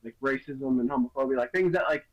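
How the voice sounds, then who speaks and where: A man's voice: mid-range voice, quick pace. Rambling young man on a muffled mic. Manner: rambling, many restarts and "you know"s. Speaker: podcast co-host. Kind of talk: casual chat.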